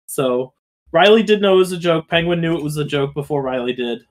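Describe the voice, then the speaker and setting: A man's voice: on the high side, fast. A man hosting a podcast in casual chat, joking and rambling with lots of restarts. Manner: joking, rambling, self-interrupting. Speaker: podcast host.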